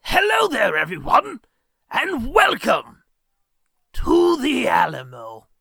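A sneering male villain clown lurches between cooing sweetness and sudden shouts. His drawn-out delivery is high, gravelly and sharp. The recording is close and dry. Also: wildly swooping pitch, no room sound, heavily acted. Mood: mocking. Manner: theatrical swings from cooing to shouting. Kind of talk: recorded character voice clip.

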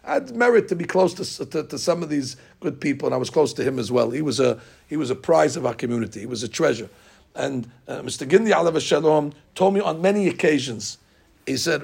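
Gravelly high-voiced rabbi preaching. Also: male voice, a little fast. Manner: animated storytelling, acting out congregants' complaints; mixes Hebrew terms into English. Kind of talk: sermon.

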